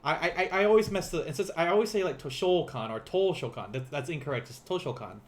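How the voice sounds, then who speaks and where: On a relaxed livestream, this young man teaches beginners vocabulary, repeating every word slowly so learners can follow. His pitch sits fairly high, his delivery is animated, and he's playful and quick to laugh.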